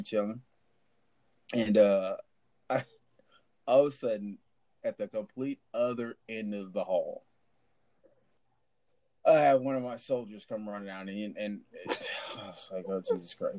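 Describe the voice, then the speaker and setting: A man's voice: fairly low pitch, a little mellow. A man, a former army sergeant, telling a barracks story in a rambling, profane way full of restarts. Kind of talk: casual storytelling chat.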